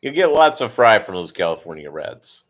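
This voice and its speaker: A man's voice: fairly low pitch, very animated, normal speed, fairly bright tone. A man who breeds fish, chatting casually and rambling on his live stream and calling viewers "gang".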